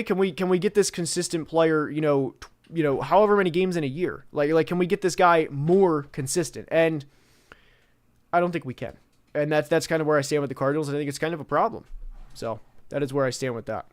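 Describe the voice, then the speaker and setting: A young man chats loosely about football as a podcast host, circling back on his points with plenty of fillers and false starts. His voice sits a little on the high side for a man. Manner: rambling, many fillers and restarts. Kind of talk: casual football talk.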